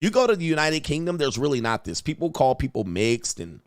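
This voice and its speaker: A man's voice: a little high, big pitch swings, fairly quick, no room sound, studio quality. A man hosting a livestream as a coach, talking in a blunt, emphatic, profane way and reading out chat.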